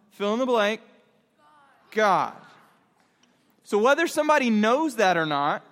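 A man preaching to a youth group, animated and conversational, telling a story and laughing along. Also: high voice. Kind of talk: storytelling sermon. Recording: long hall reverb.

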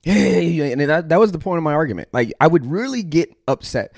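A man's voice: a little high, animated, fast talker, vocal fry, hardly any pauses, no echo. Man, American, middle-aged, podcast host, aggressive, profane, motivational rant, dry close mic. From United States. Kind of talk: blunt motivational monologue.

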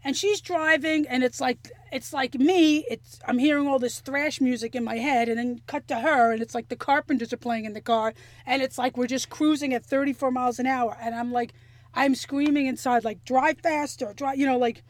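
A woman telling a story in casual chat, animated and profane, acting out the things people said. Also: high voice, moderate pace, dry recording. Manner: animated, profane, acts out quotes.

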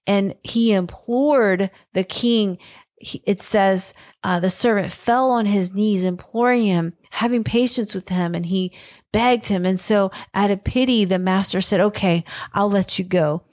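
A woman's voice: medium pitch, measured pace, a little mellow, no echo, clean studio sound. Earnest woman teaching scripture. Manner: earnest, retells scripture in plain words with fillers. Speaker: podcast co-host teaching on scripture. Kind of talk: devotional Bible teaching.

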